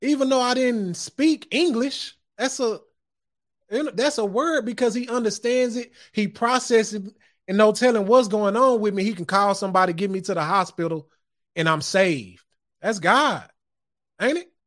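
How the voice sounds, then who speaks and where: High-voiced man preaching casually. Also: moderate pace, fairly bright tone. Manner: loose, preachy, chuckles often, curses casually. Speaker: podcast host. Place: home studio.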